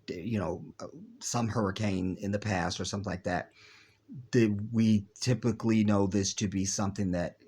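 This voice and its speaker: A man talks slowly in a rambling monologue, addressing his viewers directly. He reads passages aloud and skips through them with filler. His voice is gravelly and husky. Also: lowish voice. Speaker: video channel host. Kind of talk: solo monologue reading aloud.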